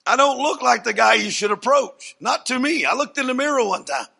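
A man preaching a sermon as a dramatic story, swinging from hushed asides to loud declarations. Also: very high-pitched, animated, fairly quick, gravelly, husky.

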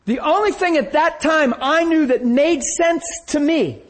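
Male preacher, high voice, animated sermon testimony. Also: measured pace. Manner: animated storytelling, acting out his own crying.

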